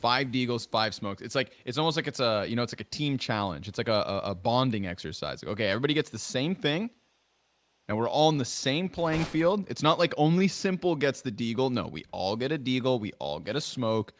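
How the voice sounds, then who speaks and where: A male esports commentator with a very lively, swooping delivery. He calls the action playfully and cracks jokes. He bursts into loud exclamations when a big play lands. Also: medium pitch, fairly quick, no room sound.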